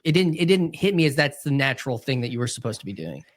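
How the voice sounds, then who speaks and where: A man hosting a casual conversation, sharing his own experience in a thoughtful, halting way with restarts. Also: mid-range voice, very animated. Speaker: podcast host.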